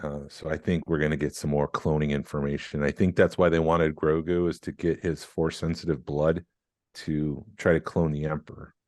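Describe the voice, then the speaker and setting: A man hosting a podcast, chatting in a relaxed, rambling way with filler words. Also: very deep voice, moderate pace, no echo, clean studio sound. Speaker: podcast host. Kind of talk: casual chat.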